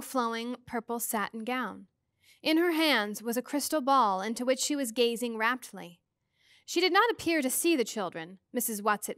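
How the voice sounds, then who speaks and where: A woman teacher reading a novel aloud to students with expressive, measured storytelling. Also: on the high side, no room sound, clean studio sound.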